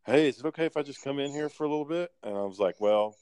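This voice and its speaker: A man telling work stories in casual chat, animated and profane, acting out the people in them. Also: lowish voice, rapid-fire, hardly any pauses, crowd noise.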